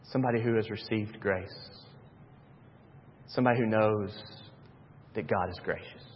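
A man preaching a sermon as pastor, swinging between hushed stretches and loud, excited ones. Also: lowish voice, moderate pace, a little hiss or hum. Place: church sanctuary. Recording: dull reverberant church sound.

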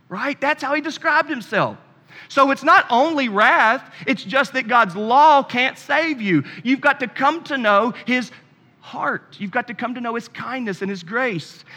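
A man's voice: very high voice, pushed and bright, long reverb tail. A man preaching a sermon as pastor, emphatic and impassioned, with conversational asides to the congregation.

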